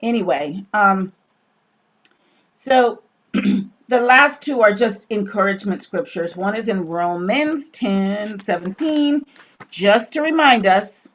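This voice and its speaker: A woman leading a casual Bible study, reading scripture aloud and riffing on it in an animated way, with sudden exclamations. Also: medium pitch, slow pace, highs cut off.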